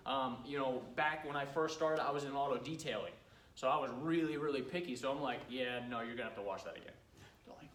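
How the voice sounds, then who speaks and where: A man's voice: fairly high pitch, fairly bright tone, reverberant, distant mic, poor audio. A middle-aged man running a cleaning business gives a casual training talk to a live audience, telling stories and acting out customers' lines. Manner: chatty storyteller who acts out customers' lines.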